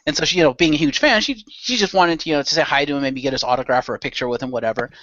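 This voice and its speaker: A man's voice: on the high side, very fast, a bit bright, dry recording, lo-fi sound. A man chatting casually as a podcast guest, rambling through a story with fillers and swearing. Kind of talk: casual chat.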